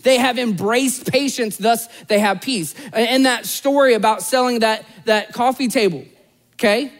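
A man's voice: very high-pitched, measured pace. A man preaching a sermon as pastor, telling a personal story in a casual, self-deprecating, conversational way.

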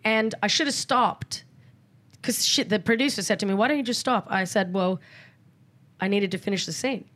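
A woman's voice: mid-range voice, moderate pace, long pauses, a bit bright. A middle-aged woman, a podcast guest talking candidly and acting out quoted exchanges in a casual interview.

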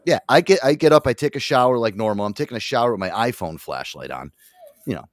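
A man's voice: mid-range voice, expressive, quick pace, no echo. A man hosting a radio show, telling a story casually and swearing constantly.

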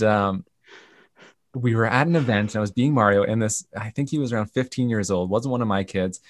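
A man with a low-pitched voice tells stories in an interview, jumping into lively quoted voices as he goes. The recording is dry and close, with no room sound. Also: dry recording. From Canada. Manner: animated retelling with quoted voices. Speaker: guest, camp CEO. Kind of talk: storytelling in a podcast interview.

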